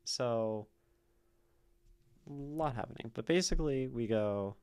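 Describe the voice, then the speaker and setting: A man's voice: medium pitch, slow pace, vocal fry, pauses often, a little mellow, smooth. A man hosting a live stream, casually analyzing poetry and thinking aloud as he taps out rhythms in syllables. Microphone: streaming mic.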